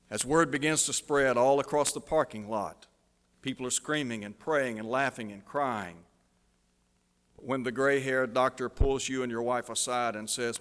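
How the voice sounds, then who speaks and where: A man preaching a dramatic sermon illustration, dropping to a hush at the tense moments. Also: mid-range voice, normal speed. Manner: dramatic, drops to a hush at emotional peaks. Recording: long hall reverb.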